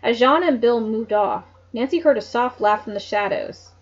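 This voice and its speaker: A woman reads a mystery novel aloud at home and breaks off for chatty, joking asides. Her voice sits fairly high. The recording is dull and lo-fi, like a home microphone. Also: normal speed. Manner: chatty asides, laughs at the story. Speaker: narrator. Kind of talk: reading a book aloud.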